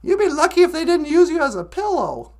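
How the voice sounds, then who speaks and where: A woman voicing a brash, fast-talking male fox. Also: sits high, very animated. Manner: brash, slangy.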